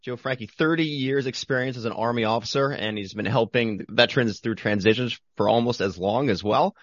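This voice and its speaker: A man hosting a podcast interview, upbeat and energetic, talking in a rambling casual way. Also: medium pitch, a little fast, dry recording, highs cut off. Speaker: podcast host.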